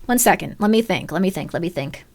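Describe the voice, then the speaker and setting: A young woman streaming a horror game, talking in an animated, self-deprecating way with lots of fillers and rambling asides. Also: on the low side, fast. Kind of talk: live let's-play commentary.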